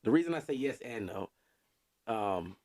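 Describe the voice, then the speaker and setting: A man's voice: lowish voice, animated, normal speed, a little mellow. A man hosting a casual podcast chat, laid-back and rambling, with many fillers and chuckles. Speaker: podcast host.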